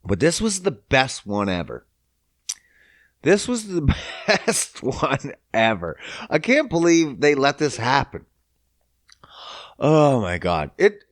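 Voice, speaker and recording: A man hosting a podcast in casual chat, ranting with heavy swearing and sarcasm and swinging between mock-innocent highs and low grumbles. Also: no echo, studio quality. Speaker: podcast host.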